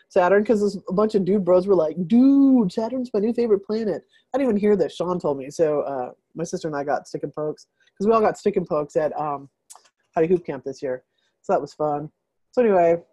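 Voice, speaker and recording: Rambling woman with a dark voice. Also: on the low side, husky, dry recording. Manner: rambling, filler-heavy, animated retelling. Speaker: host of a group video call. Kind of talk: casual storytelling chat.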